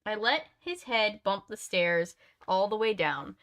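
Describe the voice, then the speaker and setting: A woman reading a scary kids' book aloud to her viewers, mid-pitched and easygoing. she slips into loose chat full of fillers between passages. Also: expressive, a little slow, a bit bright. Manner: chatty, uses many fillers. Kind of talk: read-aloud narration with casual chat.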